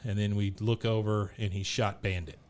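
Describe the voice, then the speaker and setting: This podcast co-host has a lowish, slightly mellow voice that barely moves in pitch, at a moderate pace. He casually recaps an episode scene by scene, laughing at the characters.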